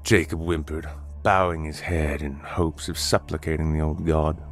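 A man narrating a scripted horror story in a measured, dramatic storytelling manner. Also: rumbling low, level tone, faint music behind.

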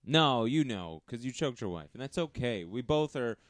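A man's voice: medium pitch, expressive, no echo. A man improvising a comedy bit, stammering and laughing as he talks. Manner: halting, stammering, laughs often.

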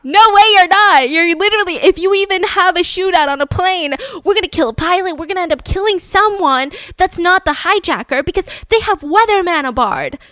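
A woman voicing an exasperated male airline captain who protests loudly and in disbelief. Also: animated, fairly quick, hardly any pauses, dry recording, clean studio sound, exaggerated voice. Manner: high, loud, incredulous protest.

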